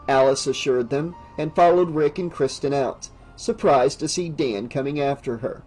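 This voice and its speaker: A man narrating an audiobook in a measured, steady reading voice. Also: mid-range voice, husky, soft background music, rough recording.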